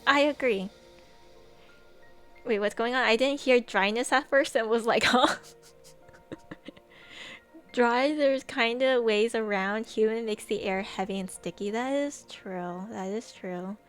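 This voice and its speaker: A woman's voice: a little high, slow pace, pauses often, a bit bright, faint music behind. A young woman streamer in casual chat with viewers, rambling, laughing often and reading chat aloud.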